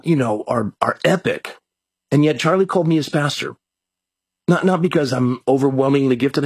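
Breathy-edged and medium in pitch, recorded with no echo, a mayor and pastor rambles through a long conversational story in a homespun way, repeating words as he goes.

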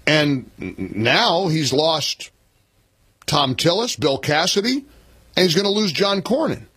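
A man's voice: fairly high pitch, fairly bright tone, breathy edge, no room sound. A man in his sixties hosting a talk radio show, speaking emphatically and repeating points for punch. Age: 60s. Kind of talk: opinionated political talk radio.

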